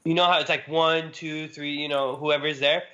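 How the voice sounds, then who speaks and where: Animated storytelling man, bright tone. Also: on the high side, moderate pace. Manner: animated storyteller, swears freely. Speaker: podcast co-host. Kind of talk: casual chat. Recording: slightly dull lo-fi podcast audio.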